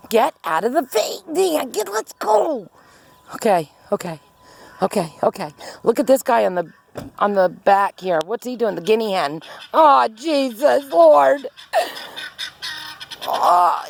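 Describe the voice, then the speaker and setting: A woman's voice: medium pitch, gravelly, a little mellow. A woman vlogging outdoors on a handheld phone, panicky, calling out to her friend over and over with nervous laughter between pleas. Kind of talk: casual vlog commentary. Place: outdoors at a rural property with farm birds.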